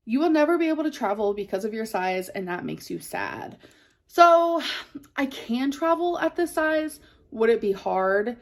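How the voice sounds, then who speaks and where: A woman vlogger chatting casually to the camera, answering things said about her in a candid, defensive way. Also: fairly high pitch. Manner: candid, defensive, emotional at times.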